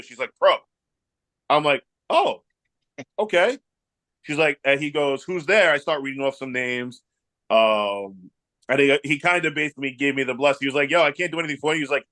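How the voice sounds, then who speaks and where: A man's voice: medium pitch, dry recording. A man from the New York area, an event promoter, telling a story and acting out each person's lines. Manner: animated, acts out dialogue in anecdotes. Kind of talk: casual storytelling.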